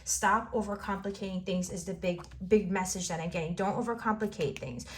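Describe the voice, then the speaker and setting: A woman's voice: medium pitch, fairly quick, a little hiss or hum. Lady doing a tarot reading, encouraging, kinda rambly, repeats herself a lot. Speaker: tarot reader.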